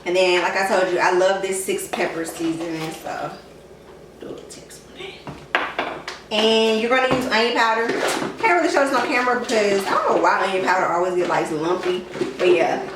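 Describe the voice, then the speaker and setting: A young woman walks viewers through a recipe in her kitchen, talking loosely with lots of fillers and calling them y'all. She sounds far from the mic, in an echoey room with steady background noise. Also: medium pitch, moderate pace. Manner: chatty, filler-heavy, addresses viewers as y'all. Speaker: cooking vlogger. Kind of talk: casual cooking tutorial. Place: home kitchen.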